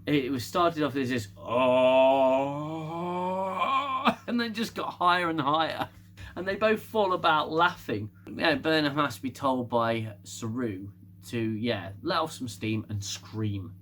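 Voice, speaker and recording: A man's voice: mid-range voice, animated, moderate pace, bright, forceful tone, a little hiss or hum. Chatty man laughing through a recap. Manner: chatty, laughs often, rambling with restarts. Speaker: TV show reviewer. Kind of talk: casual spoken episode recap.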